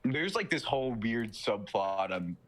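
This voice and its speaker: Young guy recapping a movie, rambly, swears a lot, mid-pitched voice. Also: big pitch swings, a little slow, a bit bright. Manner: rambling retelling full of fillers and swearing. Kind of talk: casual chat.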